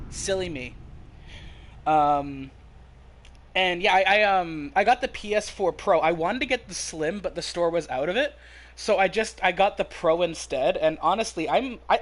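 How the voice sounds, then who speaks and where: A young man streaming a game, chatting casually and joking with his viewers. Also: on the high side. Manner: chatty, joking, talks to chat between menu picks. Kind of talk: casual gameplay commentary.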